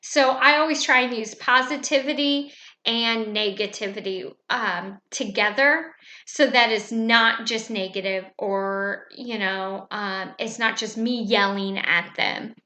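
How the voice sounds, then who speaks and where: Calm, bright-voiced woman teacher. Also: on the high side. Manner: calm, measured, with many fillers. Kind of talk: explaining classroom management. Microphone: webcam. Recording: echoey room.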